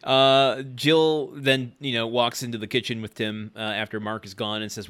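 A man's voice: medium pitch, little pitch movement, moderate pace, fairly bright tone, clean tone. A man co-hosting a podcast, casually recapping a sitcom episode with frequent uh and um fillers. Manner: recounts plot with frequent uh and um fillers. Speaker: podcast co-host.

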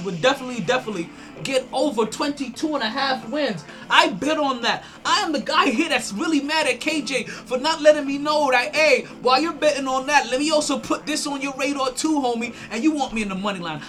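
A man hosting a casual sports podcast solo, talking in an animated way with many restarts, swearing and laughing when excited. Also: very high-pitched. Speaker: podcast host.

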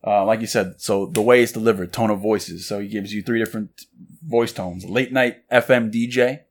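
A man co-hosting a relaxed chat, talking loosely with many fillers and acting out quoted lines. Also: on the low side, moderate pace. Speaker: podcast co-host. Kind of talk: casual chat about books.

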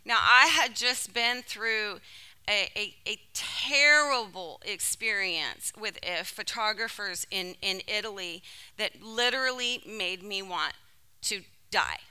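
A woman from California delivering a sermon by telling a personal story in an animated, emotional way. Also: mid-range voice, takes it slowly, clear, resonant tone. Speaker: speaker.

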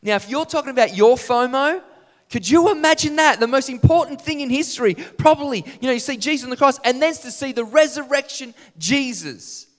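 A man delivers a lively sermon, firing rhetorical questions at his listeners. His voice sits high for a man, and the sound rings out with a long reverb in a church hall. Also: brisk. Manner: animated, rhetorical questions to the congregation. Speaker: preacher.

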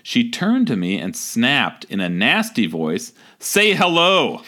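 A man's voice: fairly low pitch, wildly swooping pitch, a little slow, a bit bright. A man co-hosting a comedic podcast, reading a review aloud with lots of laughter and acted-out quotes. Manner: laughs often, acts out quoted lines. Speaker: podcast co-host.

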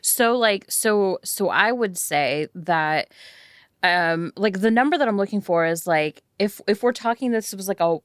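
A woman player speaking in character in a tabletop game, pitching a deal in a halting, rambling way full of fillers. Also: expressive, clear, resonant tone, no echo, clean studio sound. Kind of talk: in-character tabletop role-play.

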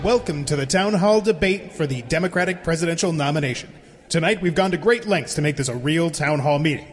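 A man speaks quickly and formally, like a debate moderator in a satirical news sketch. His voice sits a little high for a man. The sound rings with a long hall reverb. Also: soft background music. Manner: announcer-style formal delivery.

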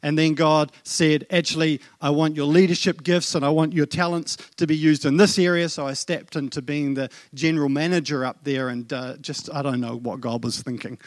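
Middle-aged New Zealand-accented man preaching a story-led sermon; lively, self-deprecating, higher-pitched, dry close mic. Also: moderate pace, few pauses, no room sound. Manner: animated, self-deprecating storytelling with asides to the congregation. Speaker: pastor. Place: church.

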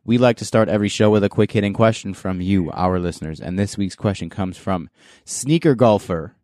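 A man's voice: lowish voice, brisk, darkish tone, dry recording, clean studio sound. A man hosting a casual podcast, loose and joking, laughing often as he runs the show. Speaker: podcast host.

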